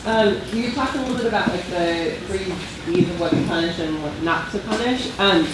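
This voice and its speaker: A woman's voice: mid-range voice, normal speed, very noisy. Hesitant woman asking from the audience. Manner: hesitant, many fillers. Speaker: audience member asking a question. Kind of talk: question from the audience. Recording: echoey hall, far from mic, crowd.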